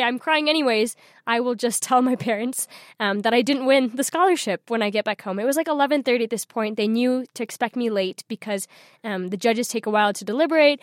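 A woman's voice: fairly high pitch, dry recording, clean studio sound. A woman in her twenties, a radio guest telling a story in a bubbly manner, laughing often. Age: 20s. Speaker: interview guest. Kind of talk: storytelling interview.

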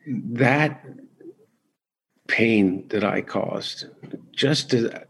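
A middle-aged man talking candidly as an interview guest, halting and restarting often as he searches for words. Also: medium pitch, vocal fry, fairly bright tone, breathy edge. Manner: halting, with frequent restarts and fillers.

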